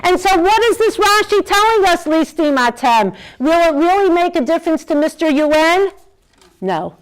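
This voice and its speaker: A woman's voice: very high-pitched, very animated, normal speed, low-quality recording. A woman giving a Torah lecture to a class, asking the room questions and weaving in Hebrew terms. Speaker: Torah teacher.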